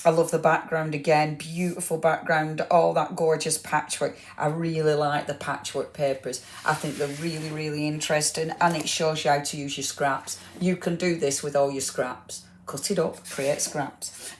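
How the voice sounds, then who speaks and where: A woman's voice: sits low, steady tone, normal speed, slight background noise. A woman hosting a live craft product showcase, gushing over papers and chatting to viewers by name. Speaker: craft shop host.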